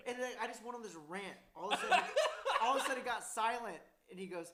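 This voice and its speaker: A young man telling a story in casual chat, cursing a lot and rambling, getting louder and laughing as he gets worked up. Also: extremely high pitch, very animated, quick pace, echoey room.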